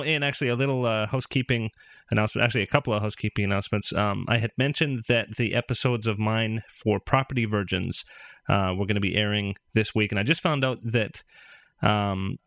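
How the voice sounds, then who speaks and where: A man hosting a podcast in casual chat, relaxed and hesitant with fillers. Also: fairly low pitch, a little fast, gravelly, no room sound, studio quality. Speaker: podcast host.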